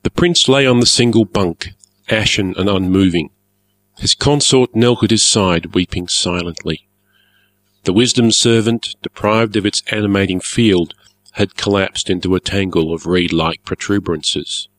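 A man narrating a story in a measured, formal, wry manner. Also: deep voice, fairly bright tone, no room sound.

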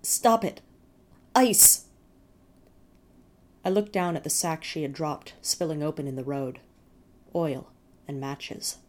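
A woman reading first-person fiction in a measured, steady storytelling manner. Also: deep voice. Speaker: narrator.

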